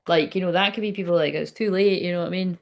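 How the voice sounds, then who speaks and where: A woman's voice: lowish voice, fairly even intonation, very fast. A woman, hosting a casual livestream as a psychic medium, chatty and rambling, swearing and laughing as she goes.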